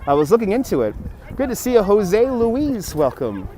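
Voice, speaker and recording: Warm in tone with huge pitch swings, this high voice moves at normal speed over a little hiss or hum. It belongs to a Brooklyn, New York livestream host chatting casually by a city river outdoors, filming on a gimbal-mounted phone, reading viewer messages aloud and thanking donors.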